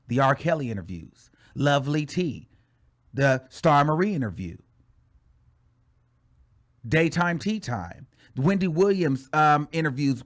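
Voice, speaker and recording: A young man hosts a gossip commentary show in a high voice. His pitch swings widely as he delivers sassy, dramatic asides. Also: a bit bright.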